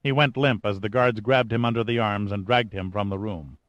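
Low-voiced man narrating an audiobook. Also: moderate pace, a bit bright, no room sound. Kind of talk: scripted thriller narration.

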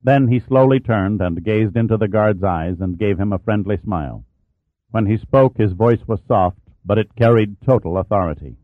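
Male audiobook narrator, low voice, measured delivery, dry tinny sound. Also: dry recording. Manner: steady, measured reading. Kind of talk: scripted narration. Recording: dry, phone-like narrow sound.

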